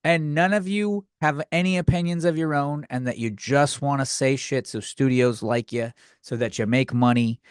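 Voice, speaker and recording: A man's voice: mid-range voice, fairly even intonation, normal speed, hardly any pauses, smooth, dry recording, studio quality. A young man hosting a comedy podcast, ranting sarcastically and profanely on his own. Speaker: podcast host. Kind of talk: solo comedy rant.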